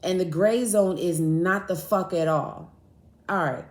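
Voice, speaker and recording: A woman's voice: on the low side, a little slow. A young woman tells a story on her podcast, loose and profane, acting out each side of a quarrel. The sound is roomy and echoey. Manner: animated, profane, acts out both sides of arguments. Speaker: podcast host. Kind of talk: casual storytelling monologue. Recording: echoey room.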